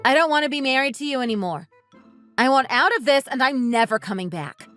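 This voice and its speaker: A woman plays a bitter wife in a texting-story drama. Her voice sits high and moves a lot as she lays out her grievances bluntly. Faint music runs underneath. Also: lively intonation, fairly quick, a bit bright. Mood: accusing. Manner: accusing, resentful, blunt. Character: bitter wife divorcing her uncaring husband. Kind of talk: text-message story dramatization.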